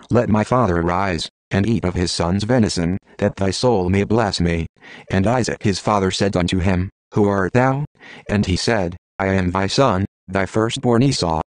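A synthetic male text-to-speech voice reading scripture in an even, measured way. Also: sits low, dry recording. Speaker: Bible reader.

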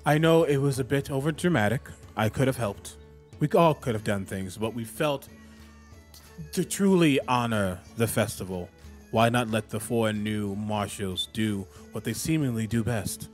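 A man playing a courteous festival official who speaks in measured, ceremonial words. His voice sits at a mid pitch, and faint music plays behind him. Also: lightly acted. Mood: gracious. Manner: formal, ceremonial. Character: gracious male festival official addressing a crowd.

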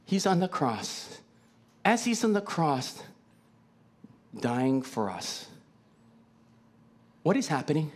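Pastor, male; animated, very lively pitch, chatty Q-and-A preaching style. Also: slow, pauses often. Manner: conversational, asks the congregation many questions. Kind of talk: sermon. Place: church.

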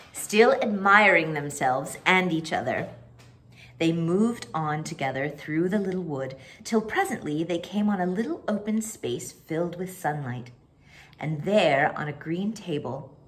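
A woman reading a children's book aloud as a storyteller, expressive and animated. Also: low-pitched.

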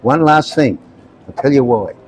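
Preaching outdoors to young people passing on the street, an Australian man in his 70s speaks at normal speed in an expressive, mid-range voice. He comes across as earnest and chatty, often adding "right?" and "okay?". The audio is poor.

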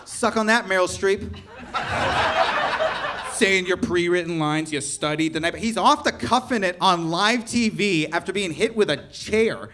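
Performing stand-up at a live venue, a young man rants in pretend outrage while the audience laughs in the background. He speaks at a measured pace in a high voice, with background noise present.

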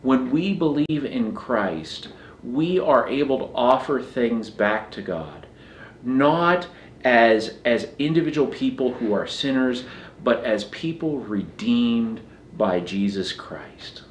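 Man, pastor, sermon, earnest, middle pitch, echoey sanctuary. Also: expressive, slow, a little hiss or hum. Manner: earnest, repeats phrases while preaching.

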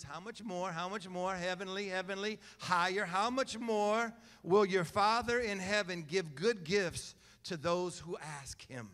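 A man delivering a sermon in a church, hammering his points home by repeating short phrases. His voice sits fairly high, and a long reverb trails after it through the hall. Faint music plays underneath. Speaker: preacher.

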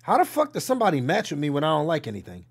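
A young man streaming, telling animated stories to his chat, loud one moment and hushed the next, with plenty of swearing. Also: a little high, racing, vocal fry, background noise. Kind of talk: casual chat reading a stream chat.

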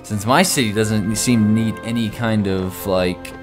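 Low-voiced man rambling over gameplay. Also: steady tone, unhurried, over music. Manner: rambling, many "like"s, sudden exclamations. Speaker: gaming video host. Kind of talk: casual gameplay commentary.

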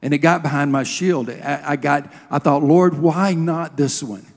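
A middle-aged man preaching a sermon, telling personal stories earnestly and sinking to a hushed voice at tender moments. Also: a little high, unhurried. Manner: earnest storytelling, drops to a hush at emotional moments. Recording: long hall reverb.

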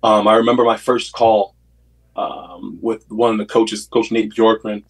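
A man's voice: on the low side, fairly even intonation, a little slow, husky, rough recording. A man in his thirties, a basketball coach, telling his story in a casual interview, earnest and full of faith, with many fillers. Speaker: NBA player development coach, guest.

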